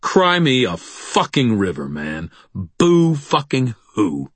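A man voicing a brooding adult vampire brother, steady but cutting and sarcastic, in an audiobook. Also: deep voice, slow pace, breathy edge, no echo, exaggerated voice. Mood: furious. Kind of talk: audiobook dialogue.

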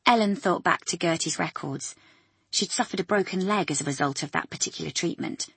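A woman reading an audiobook in a measured, even storytelling manner. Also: lowish voice, breathy edge, dry recording. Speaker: narrator. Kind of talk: audiobook narration.

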